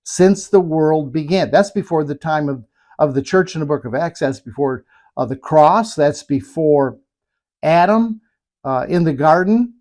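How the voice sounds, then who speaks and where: Male pastor mid-sermon, a touch high-pitched, emphatic and repetitive. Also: a little mellow. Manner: emphatic, rhetorical questions and repetition.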